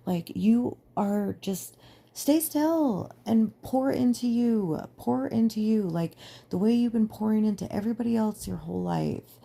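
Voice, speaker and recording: Low, gravelly woman talking earnestly. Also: mellow. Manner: earnest, emphatic, lots of filler "like". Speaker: podcast host. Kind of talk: casual personal monologue.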